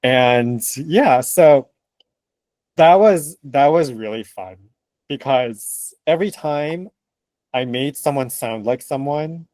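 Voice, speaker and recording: Guy translator chatting in an interview, mid-pitched voice, dry close sound, lively, laughs a lot. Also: slow, no room sound. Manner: animated and chatty, laughs often, many fillers. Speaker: literary translator, interview guest. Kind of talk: casual interview conversation.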